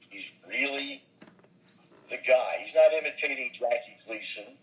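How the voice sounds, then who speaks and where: A man's voice: mid-range voice, unhurried, muffled recording. An older man, a voice actor and comedian, telling show-business stories in an interview and slipping into character voices. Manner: animated, slips into character voices. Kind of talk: anecdotal interview storytelling.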